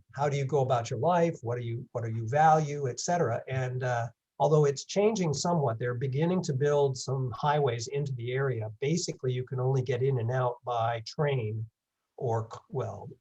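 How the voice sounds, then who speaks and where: A man's voice: medium pitch, a little mellow, husky, highs cut off. A man in his seventies giving a rambling, good-humored talk with questions over a video call. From England. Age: 70s. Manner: rambling, self-correcting, wry humor. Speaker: guest speaker. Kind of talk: online presentation Q&A.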